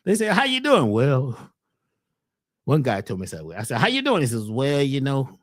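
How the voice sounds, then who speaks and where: A man giving a webcast talk on health in a preacherly way, swinging between loud lines and hushed ones. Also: mid-range voice, wildly swooping pitch, moderate pace. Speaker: holistic health speaker.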